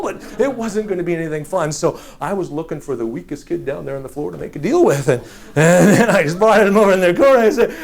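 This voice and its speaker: A man telling a personal childhood story in an animated, self-mocking way, often laughing as he talks. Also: sits high, fairly quick.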